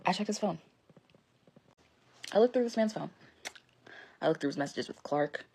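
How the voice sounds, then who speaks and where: A woman's voice: lowish voice, animated, normal speed, gravelly, darkish tone, slightly rough. A young woman telling a casual storytime into her phone, rambling with lots of fillers and frequent swearing.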